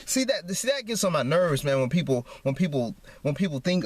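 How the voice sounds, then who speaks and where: A man's voice: high voice, animated, fairly quick, hardly any pauses, fairly bright tone, no room sound. A man ranting to camera in a repetitive, heated monologue, tacking "man" onto his sentences. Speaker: vlogger.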